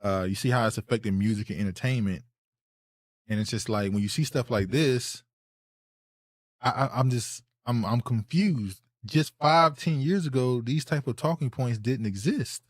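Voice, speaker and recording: A man from North Carolina co-hosts a casual podcast, his Southern accent softened. He rambles loosely with frequent restarts and keeps his pace slowed for the microphone. His voice sits at an average pitch. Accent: North Carolina Southern, toned down. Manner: says he slows his naturally fast speech for the mic. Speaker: podcast co-host.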